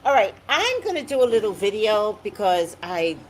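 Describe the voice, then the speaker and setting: A woman psychic chatting on a live stream, greeting viewers by name and giving her blunt, animated opinions. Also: mid-range voice, normal speed, a little hiss or hum, rough recording.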